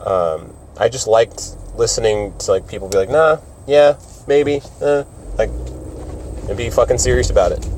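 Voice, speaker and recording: A man's voice: fairly low pitch, normal speed, a little mellow, slight background noise. A man hosting a podcast in a casual, rambling way, swearing often and poking fun at himself. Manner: rambling, swears a lot, self-mocking. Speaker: podcast host. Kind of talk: casual solo podcast chat.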